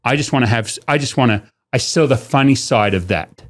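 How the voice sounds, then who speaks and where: A man returns as a guest on a podcast and talks casually, joking and working through examples with shifting emphasis. His voice is mid-range, and he speaks a little fast.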